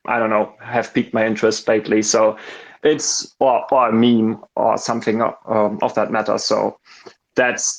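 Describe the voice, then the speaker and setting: A lower-voiced man with a German accent, speaking English as a second language. He talks in a halting way, stopping for ums and restarting his sentences. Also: creaky, rough recording. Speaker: caller in an audio chat room. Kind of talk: casual chat.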